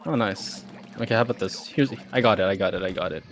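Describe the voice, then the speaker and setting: A man's voice: on the low side, fast talker. A man chatting playfully while playing a video game on stream, teasing his co-player and laughing often. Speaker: guest co-player. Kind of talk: casual gaming banter on stream.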